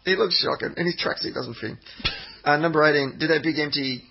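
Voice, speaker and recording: A man co-hosting a football podcast in casual chat, excitable and bantering, laughing often, on dull lo-fi audio. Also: fairly high pitch, brisk, soft background music. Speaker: podcast co-host.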